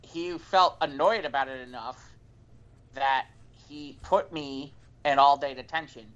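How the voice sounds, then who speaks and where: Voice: mid-range voice, measured pace. A podcast co-host telling a story in casual chat, acting out the quoted lines along the way. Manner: animated, acts out quoted dialogue. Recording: dull lo-fi recording.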